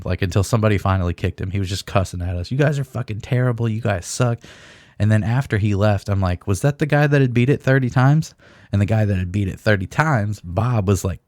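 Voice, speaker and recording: A man's voice: lowish voice, darkish tone, no echo, studio quality. A young man co-hosting a comedy podcast, telling rambling stories full of swearing. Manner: profane, rambling storyteller. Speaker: podcast co-host. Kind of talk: casual comedy chat.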